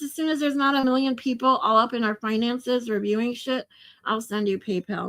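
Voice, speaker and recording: A woman chats on her livestream with a fairly high voice. She talks to viewers directly, swears freely and wears her emotions openly. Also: fairly quick, fairly bright tone. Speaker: livestream host. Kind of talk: casual livestream chat.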